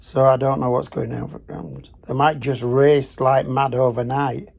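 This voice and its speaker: An older man with a broad Northern English accent talks casually to his vlog audience from a cruise ship cabin. His voice is mellow and gravelly, with a slightly husky edge. He wanders from point to point, full of "uh"s and fresh starts. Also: mid-range voice, little pitch movement, unhurried. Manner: chatty and rambling, with frequent fillers and restarts. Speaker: travel vlogger.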